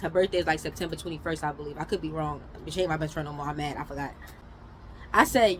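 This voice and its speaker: A young woman from New York telling a casual storytime, animated, with loud outbursts and mumbled asides. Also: fairly low pitch, fast, slight background noise, rough recording.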